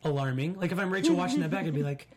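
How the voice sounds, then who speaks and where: Woman host, casual chat, reads comments aloud, animated when quoting. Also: fairly low pitch, very fast, breathy edge. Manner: animated, acts out quotes from the show. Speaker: podcast host. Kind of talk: casual recap chat reading live comments.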